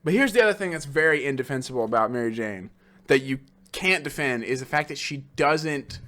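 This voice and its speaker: A young man co-hosting a casual movie podcast, going hoarse and laughing often as he acts out quoted lines. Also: mid-range voice, lively intonation, a little fast, fairly bright tone. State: losing his voice. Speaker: podcast co-host.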